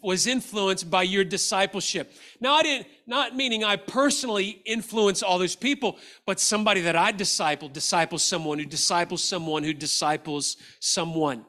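Middle-aged male pastor, high ringing voice, earnest exhortative sermon delivery. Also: normal speed, hardly any pauses, sharp tone. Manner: earnest and exhortative, with rhetorical questions.

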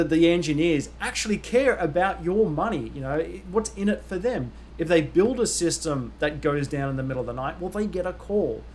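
A man hosting a podcast, talking casually and growing emphatic and animated as he makes his point. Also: a little high, a little hiss or hum. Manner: emphatic, grows animated and forceful. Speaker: podcast host.

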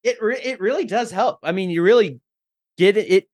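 A man chatting casually as a podcast co-host, animated and laughing often, sometimes trailing off mid-thought. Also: high voice, a little fast, no echo, clean studio sound. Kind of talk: casual chat.

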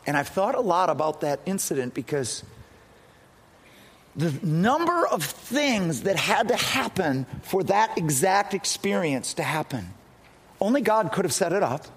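Husky man, middle-aged, earnest preacher, story-driven sermon, restarts a lot. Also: high voice, sing-song, unhurried. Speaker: pastor.

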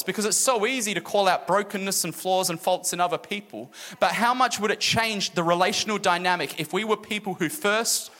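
High-voiced man preaching in a hall. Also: fairly bright tone. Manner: casual, joking asides and acted-out quotes. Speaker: pastor. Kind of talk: sermon. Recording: echoey hall with music behind.

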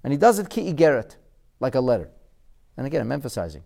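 A man's voice: mid-range voice, fast talker, vocal fry. A man in his forties teaching a Torah lesson, puzzling aloud and asking rhetorical questions as he explains the sources. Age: 40s. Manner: animated, quizzical, asks rhetorical questions.

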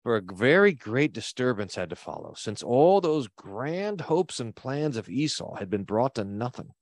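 A man's voice: medium pitch, normal speed, no room sound, clean studio sound. A man, a pastor, reads an old text aloud and stops to comment on it, leaning hard on key words. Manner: expressive reader who leans hard on key words.

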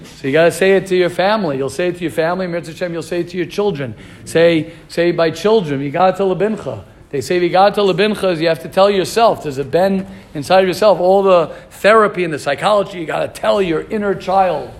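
Gravelly, high-voiced man teaching Torah. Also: brisk. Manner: animated, asks students questions, mixes in Hebrew terms. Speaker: rabbi teaching a class. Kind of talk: informal Torah class.

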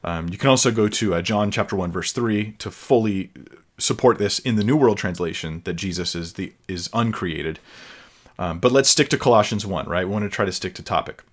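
A man giving an earnest teaching talk, explaining step by step, repeating words as he goes and reading scripture aloud slowly. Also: fairly low pitch. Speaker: Bible teacher.

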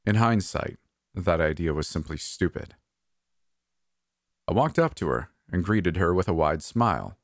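A man narrating a first-person horror story in a calm, measured, slightly wry way. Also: low-pitched, no echo, studio quality.

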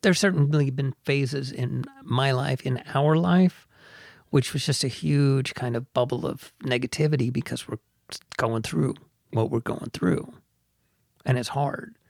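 A man's voice: mid-range voice, a little slow, creaky, darkish tone, no echo, clean studio sound. A man co-hosting a podcast in casual chat, reflective and meandering, often trailing off mid-thought. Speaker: podcast co-host.

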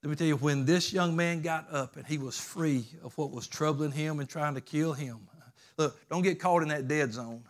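A man preaching a sermon as pastor, emphatic and repetitive, swinging between loud urgent peaks and quiet low passages. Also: moderate pace.

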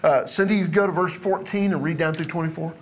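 A man's voice: fairly high pitch, steady tone, quick pace, slight background noise. A man teaching a Bible class to a group in a classroom, chatty and self-deprecating.

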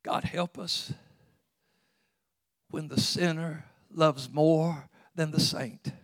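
A man preaching a sermon as pastor. He swings from hushed, intimate talk to loud exclamations and often repeats words. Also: on the high side, fairly even intonation, drawn-out words, dry recording, clean studio sound.

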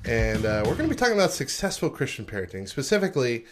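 A man's voice: mid-range voice, sing-song, fast, over music. A man hosting a morning radio show, easygoing and often laughing, mixing casual banter with reading out news items.

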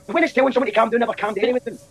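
A man's voice: extremely high pitch, fairly even intonation, very fast, vocal fry, low-quality recording. A man making a comic complaint call, exasperated and ranting, repeating himself. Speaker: caller.

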